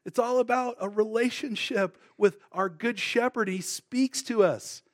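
A man's voice: high voice, a little slow. A middle-aged man preaching, telling his testimony in a casual, rambling way full of fillers and restarts. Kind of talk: sermon with personal testimony.

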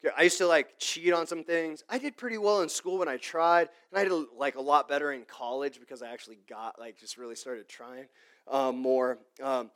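A man preaching a casual, conversational sermon as pastor, full of "like" and "okay?" checks, swinging between loud emphatic lines and quiet asides. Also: on the high side, a little fast. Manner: chatty, peppered with "like" and "okay?" checks.

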